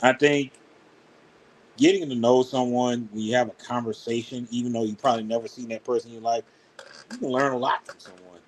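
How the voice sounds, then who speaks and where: A man's voice: medium pitch, steady tone, fairly quick, slight background noise, rough recording. Laid-back man in podcast chat.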